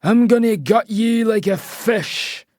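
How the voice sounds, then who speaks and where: A man voicing a menacing, scarred Scottish thug in his late thirties who taunts slowly, in an audiobook thriller. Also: high voice, darkish tone, dry recording, studio quality, voice pushed up. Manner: taunting, threatening, slow and drawn-out. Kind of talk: audiobook character voice.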